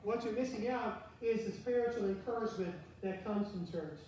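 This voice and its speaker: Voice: medium pitch, normal speed, darkish tone. A pastor giving a conversational sermon, asking the congregation questions as he goes. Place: church sanctuary. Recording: very echoey church from far off, faint hiss.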